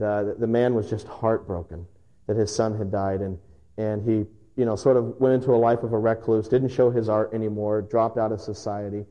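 A male pastor preaching a sermon, telling stories with emphatic pauses. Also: mid-range voice, mellow, muffled recording. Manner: storytelling, emphatic with dramatic pauses.

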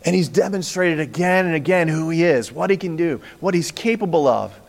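Lively, animated male preacher. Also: on the high side, fairly quick, creaky. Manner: animated storytelling, acts out frightened voices. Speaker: pastor. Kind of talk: sermon.

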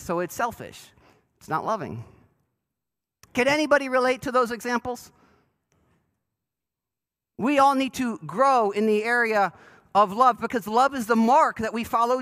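A man's voice: high-pitched, a bit bright, poor audio. A man preaching a sermon to his church in a conversational, self-deprecating way, asking the congregation questions. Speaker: pastor. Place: church sanctuary.

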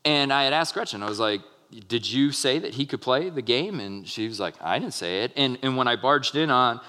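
A man's voice: mid-range voice, lively intonation, moderate pace, sharp tone. Man preaching in a reverberant hall. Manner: conversational storytelling with many fillers and restarts. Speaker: pastor. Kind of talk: sermon.

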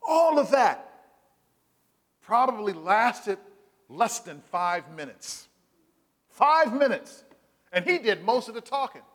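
A man's voice: sits high, takes it slowly, pauses often, long reverb tail. A man preaching a sermon as pastor, telling stories with quoted voices and calling for "Amen" from the congregation. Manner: call-and-response preaching, asks "Amen?"; animated storytelling with quoted voices.

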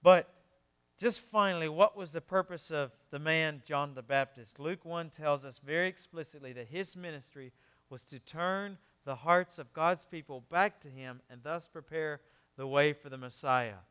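A man preaching a sermon in a conversational way, with quick asides, moving between quiet, low passages and emphatic ones. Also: clean tone. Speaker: pastor.

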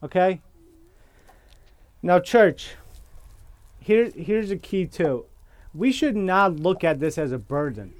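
A man preaching a sermon as pastor, slow and deliberate, often checking in with his listeners by asking "okay?". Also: sits high, sing-song, dry recording.

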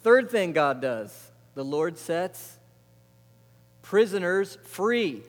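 A man preaching a sermon, asking the congregation questions and answering them himself, moving between emphatic lines and quiet, intimate ones. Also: high-pitched, very animated, drawn-out words. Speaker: pastor. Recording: long reverb of a large hall.

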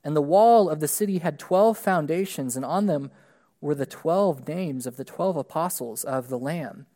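A man, a pastor, reading a long scripture passage aloud to his congregation during a church service, measured and steady with emphatic rises on key words. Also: fairly high pitch.

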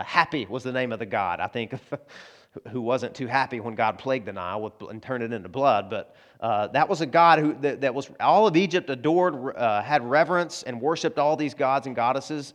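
A man preaches a sermon in an easy, conversational way, speaking straight to his congregation. He slips into voices for the quotes he tells, and his pitch sits in the middle range for a man. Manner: conversational preaching, asides to the congregation, frequent restarts; acts out quoted voices in prayer and dialogue. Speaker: pastor.

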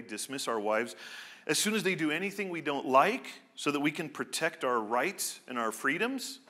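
Bright-voiced man preaching a sermon. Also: mid-range voice. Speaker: pastor.

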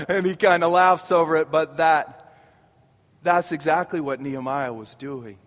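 A man preaching a sermon as pastor, building with passion to loud emphatic peaks. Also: a little high, unhurried. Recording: long reverb of a large hall.

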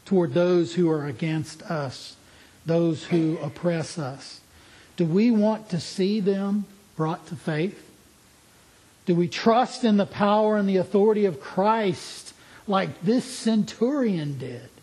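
A man's voice: high voice, takes it slowly, a little mellow, husky, poor audio. A man preaching a sermon in an earnest, emphatic way, asking his listeners pointed questions.

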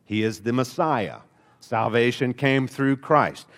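A man's voice: mid-range voice, takes it slowly, a bit bright, big-room sound. A man with an Alabama accent preaching a sermon in church, earnest and full of rhetorical questions, with folksy asides. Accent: Alabama Southern. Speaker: pastor. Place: church sanctuary.

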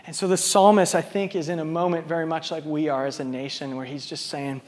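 A man preaching a sermon to a small live audience, talking conversationally and swinging between soft, quiet stretches and loud, emphatic ones. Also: a little high, brisk, hardly any pauses, long reverb tail, slight background noise. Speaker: pastor.

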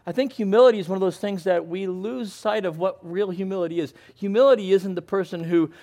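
A man with a notably high voice delivers a sermon as a pastor. He preaches earnestly, dropping into quiet, reflective stretches and then pressing points with emphasis. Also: fairly quick.

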